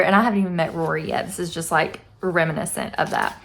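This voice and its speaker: A young woman talks through a book in a casual vlog, chatty and effusive. Her voice sits a little low and has a gravelly fry. She reads short passages aloud between her thoughts. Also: fairly even intonation, quick pace. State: teary-eyed. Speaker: book vlogger.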